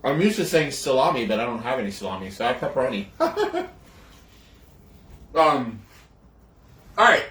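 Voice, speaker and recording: Lively chatty man in an echoey kitchen. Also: medium pitch, normal speed, long pauses. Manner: chatty, laughs often, greets viewers warmly. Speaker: host of a livestream cocktail show. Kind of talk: casual livestream chat with viewers. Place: home kitchen.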